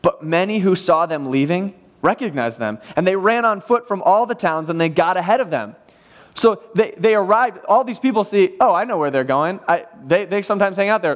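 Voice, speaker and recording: A man preaching a sermon in church, retelling a Bible story in a casual, animated way with acted-out quotes. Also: high-pitched. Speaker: pastor.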